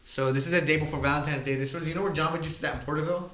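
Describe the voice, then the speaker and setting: Fast, bright-voiced fighter telling stories. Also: male voice, a little high, echoey room, rough recording. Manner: animated, profane, laughing storyteller. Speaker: MMA fighter guest. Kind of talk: casual podcast storytelling.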